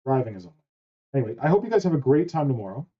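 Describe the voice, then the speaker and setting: A man's voice: medium pitch, very animated, rapid-fire, a little hiss or hum. A man hosting a casual online chat, rambling and swearing casually. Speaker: host. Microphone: wrong mic. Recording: dull lo-fi mic.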